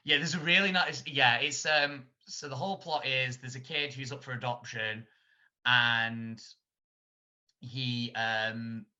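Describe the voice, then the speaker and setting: A man co-hosting a casual film podcast, rambling and animated as he retells scenes, often laughing. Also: mid-range voice. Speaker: podcast co-host. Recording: dull lo-fi sound.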